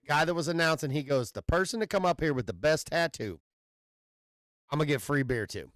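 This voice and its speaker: A man tells a long story in a casual chat, swearing freely and stammering through restarts. His voice sits a little high, and the sound is dry and close with no room around it. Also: expressive, a little fast, fairly bright tone, no echo. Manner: rambling storyteller with loose profanity and stammered restarts. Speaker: podcast host.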